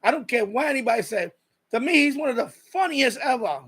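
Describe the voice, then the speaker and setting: A man's voice: very high voice, lively intonation, brisk, a bit bright, slightly rough. A man hosting a live stream, chatting casually and rambling, repeating himself and reading viewer comments aloud.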